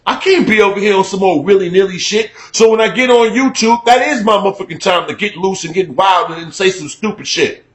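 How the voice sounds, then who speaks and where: A middle-aged man giving a candid, profane talk-show monologue, emphatic and conversational, getting loud when he is worked up. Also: high voice, fairly quick, reverberant, poor audio. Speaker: radio talk show host.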